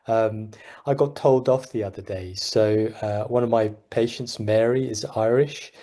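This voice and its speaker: A man with a London accent, a general practitioner giving an informal talk to fellow doctors and telling lively stories with frequent laughter. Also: on the low side, a little slow. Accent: London English. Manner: animated storyteller, laughs often.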